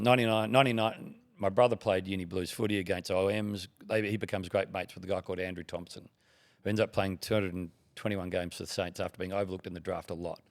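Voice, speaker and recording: A middle-aged Australian man with a low, gravelly voice, spinning long, rambling anecdotes. He talks casually and acts out bits of the conversations he describes. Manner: rambling anecdotes with quoted dialogue. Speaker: guest, TV broadcaster. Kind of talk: casual storytelling.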